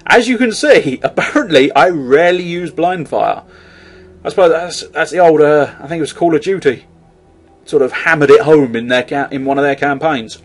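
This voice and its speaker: A man giving casual video game commentary, rambling with jokey asides and the occasional loud outburst. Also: a little high, moderate pace, soft background music. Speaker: let's play host.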